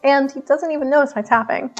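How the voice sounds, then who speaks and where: A woman streams herself reading a visual novel aloud, narrating playfully and giggling at her own stumbles. Her voice sits high. Faint music plays behind her. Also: steady tone, quick pace, highs cut off. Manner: giggly, playful, self-mocking.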